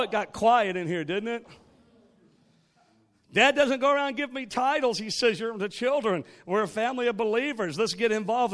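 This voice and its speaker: Man, preacher, high voice, sermon, joking asides, call-and-response exhortation. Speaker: guest preacher.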